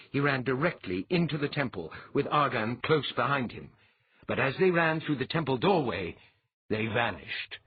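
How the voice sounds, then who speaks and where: A man narrating a fantasy audiobook in a measured, old-fashioned storytelling manner. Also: mid-range voice, husky, no echo. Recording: muffled, narrow phone-like sound.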